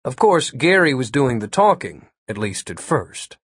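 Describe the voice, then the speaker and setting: Husky-voiced male audiobook narrator. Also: mid-range voice, measured pace, no echo, clean studio sound. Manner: steady storytelling delivery. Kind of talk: scripted narration.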